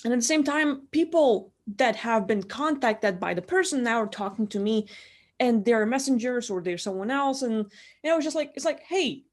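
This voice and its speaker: A woman's voice: a little high, lively intonation, normal speed. A young woman vlogger venting in a casual, rambling way, swearing, laughing mid-sentence and acting out what others say.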